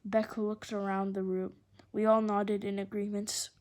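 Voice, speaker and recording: A woman reads a children's adventure novel aloud with expressive, lively delivery. Her voice sits at a typical pitch for a woman. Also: a little slow. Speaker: storyteller.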